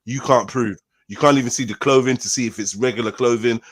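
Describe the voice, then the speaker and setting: A man's voice: medium pitch, fairly even intonation, fast talker, a bit bright, dry recording. A man on a live podcast call, arguing casually and insistently, repeating himself and swearing. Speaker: podcast panelist.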